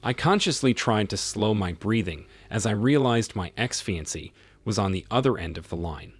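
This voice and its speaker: A man tells a first-person story in a wry, bitter tone. His voice is low and husky, with lively swings in pitch, over faint background music. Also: moderate pace. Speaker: narrator.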